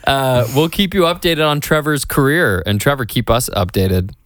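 A man's voice: medium pitch, big pitch swings, moderate pace, fairly bright tone, no room sound, clean studio sound. Upbeat man joking on a podcast. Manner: upbeat, playful, jumps in with jokes. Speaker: podcast co-host. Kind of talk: casual chat.

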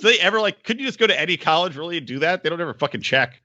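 A man's voice: high-pitched, rapid-fire, hardly any pauses, highs cut off. A man chatting casually with friends on a podcast, laughing often and breaking into other voices. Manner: laughing, animated, jumps between voices. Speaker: podcast panelist. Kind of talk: casual chat.

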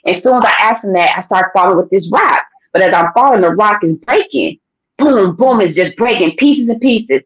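Animated woman telling a faith story. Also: medium pitch, normal speed. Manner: animated storytelling, acting out quotes. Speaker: podcast guest. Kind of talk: casual testimony. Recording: dull lo-fi sound.

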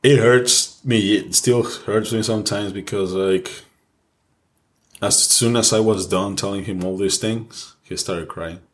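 A man's voice: low voice, fairly even intonation, unhurried. A young man co-hosting a casual podcast, recounting a personal story candidly and emotionally, swearing freely. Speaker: podcast co-host.

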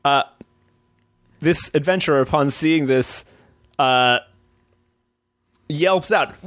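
A man narrating his moves as a player in a tabletop game, in a halting way with many fillers. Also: a little high, fairly bright tone, no room sound.

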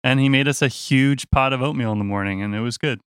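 A bright-voiced man tells a tour story with plenty of laughter, slipping into the other people's voices as he goes. The sound is close and dry. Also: medium pitch, fast talker, smooth, dry recording. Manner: animated, laughs often, acts out the other voices. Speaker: band member telling a tour story. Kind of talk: casual storytelling.

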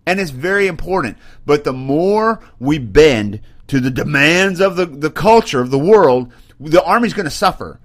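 An Army sergeant hosts an opinion podcast, ranting bluntly and mockingly as he gets worked up. His fairly high, slightly bright voice is animated and moderately paced, picked up by a webcam and computer mic.

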